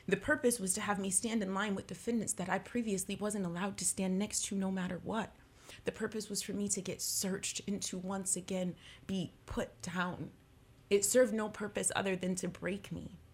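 A woman's voice: mid-range voice, a bit bright, slightly rough. A woman in her thirties, an attorney, speaking in an emotional radio interview with impassioned, emphatic talk that repeats phrases for force. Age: 30s. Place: radio studio.

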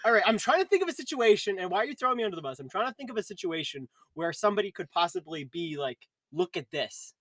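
High-voiced joking podcast guy. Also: sing-song, racing, few pauses, fairly bright tone, no echo. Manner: joking, teasing, drives the topic. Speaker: podcast co-host. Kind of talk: casual chat.

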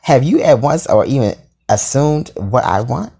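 Sassy, animated man telling a story. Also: unhurried, creaky, husky. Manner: animated and sassy, with sudden jumps into high pitch; blunt and profane, with dramatic asides. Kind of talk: casual storytime monologue.

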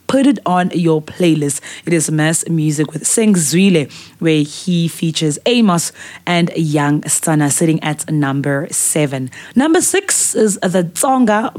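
Lady podcast host hyping up songs, kinda low voice, lots of ums, super enthusiastic. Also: a little mellow. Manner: enthusiastic and chatty, with filler words. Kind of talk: casual music recommendation talk.

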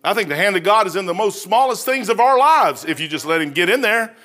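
A man preaching a folksy, storytelling sermon as pastor, dropping to a hush and rising to shouts. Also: high-pitched, lively intonation, fast talker. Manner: says "man" often.

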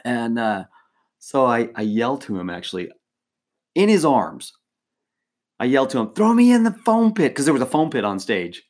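Animated man telling a story with laughs. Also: medium pitch, normal speed, long pauses. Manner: animated, laughing, many fillers and restarts. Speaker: former team mascot, podcast co-host. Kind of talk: casual storytelling chat.

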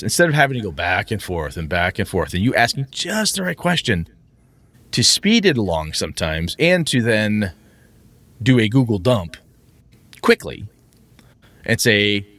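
A man hosting a casual chat about running tabletop games, animated and quick to slip into character voices. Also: mid-range voice, no room sound. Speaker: game master podcast host.

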